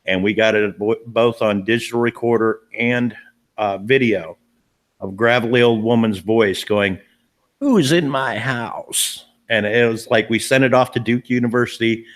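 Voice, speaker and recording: A man's voice: lowish voice, fairly even intonation, normal speed. A man, a paranormal investigator, telling a story in a casual live-stream chat, earnest and emphatic, often repeating himself and restarting sentences.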